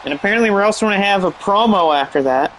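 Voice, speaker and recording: High-voiced man calling wrestling play-by-play. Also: expressive, fast talker, fairly bright tone, slight background noise, low-quality recording. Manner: rambling, chatty asides and laughs. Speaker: game commentator. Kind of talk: excited play-by-play commentary over a wrestling game.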